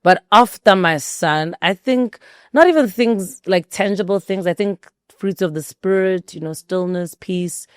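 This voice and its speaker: A woman's voice: medium pitch, unhurried, smooth, no room sound, clean studio sound. A South African woman, a guest and mother, talking in an earnest and reflective way in casual conversation.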